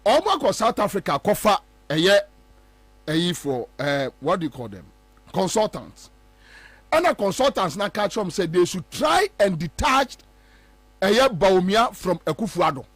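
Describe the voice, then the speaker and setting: A Ghanaian man talks through politics in a lively, high-pitched voice, sliding between Twi and English and mimicking others as he goes. The sound is dry and close, with a faint mains hum underneath. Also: measured pace, breathy edge, no room sound. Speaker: political commentator. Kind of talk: animated political commentary.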